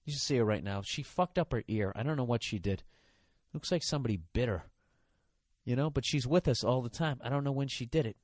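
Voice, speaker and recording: A man's voice: medium pitch, fairly quick, darkish tone, dry recording. A man hosting a podcast, telling a comic story as a profane, exasperated rant. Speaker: podcast host. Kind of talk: comedic storytelling monologue.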